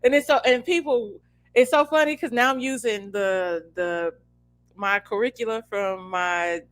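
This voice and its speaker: A woman's voice: mid-range voice, a little slow. A woman in her thirties co-hosting a casual podcast, joking and laughing often as she talks. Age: 30s. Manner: laughs often, playful and self-mocking. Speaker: podcast co-host.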